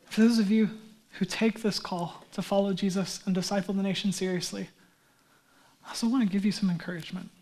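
Conversational male pastor preaching. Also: high voice. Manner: conversational, animated, with asides and laughs. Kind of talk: sermon.

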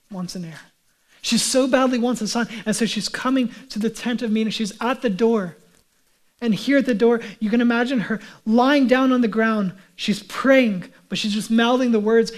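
A male pastor preaching a sermon in a conversational way, often putting rhetorical questions to his listeners. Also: very high voice.

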